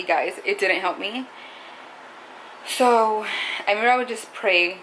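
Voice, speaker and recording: A woman's voice: medium pitch, fairly even intonation, measured pace, pauses often, a bit bright, slight background noise, poor audio. Rambling young woman vlogging. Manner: rambling, heavy use of "like". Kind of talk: casual confessional talk to camera.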